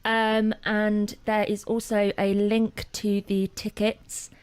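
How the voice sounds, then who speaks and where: A woman's voice: mid-range voice, completely flat delivery, takes it slowly, clean tone, no room sound. A woman in her twenties from England, answering a radio interview in a studio, hesitant with many fillers. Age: 20s. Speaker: interview guest.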